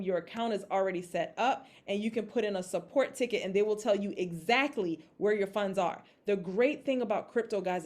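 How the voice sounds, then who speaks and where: A woman giving a casual how-to talk to a group, checking in often with "okay?" and "all right?", and acting out panicked reactions now and then. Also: mid-range voice. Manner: acts out her own panicked reactions in a raised voice. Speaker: crypto investing presenter.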